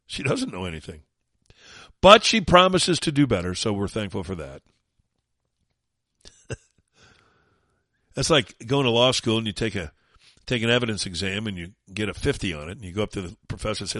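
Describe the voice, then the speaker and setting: A man's voice: fairly low pitch, very animated, moderate pace, pauses often, pushed and bright, dry recording, clean studio sound. A man hosting a talk radio show, delivering a sarcastic, combative opinion monologue.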